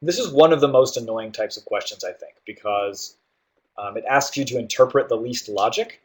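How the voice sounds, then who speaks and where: A man's voice: medium pitch, moderate pace, darkish tone. A male tutor walking students through reading question types, explaining in an easygoing way with many fillers and "right?" checks. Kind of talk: guided test-prep walkthrough.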